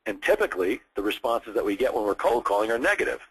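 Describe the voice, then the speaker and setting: A man's voice: fairly low pitch, big pitch swings, fast, a bit bright, breathy edge, poor audio. A man leading a sales training session, talking enthusiastically with lots of rise and fall in his voice. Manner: enthusiastic, varied inflection; conversational, with frequent restarts. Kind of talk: training seminar lecture.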